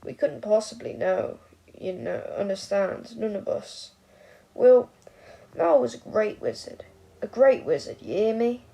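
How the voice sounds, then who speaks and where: A woman's voice: medium pitch, unhurried, gravelly, rough recording. A woman doing a slurring drunk old wizard. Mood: slurred brooding. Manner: slurred, blustering, gets loud.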